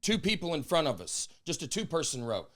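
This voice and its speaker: A man who is a stand-up comedian, telling a story as a podcast guest with a regional accent. He acts out the quoted lines with big jumps in pitch and volume, and his tone comes across as aggressive. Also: big pitch swings, fairly quick, a bit bright. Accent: regional accent of his own. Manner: calls his own tone aggressive. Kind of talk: animated comic storytelling.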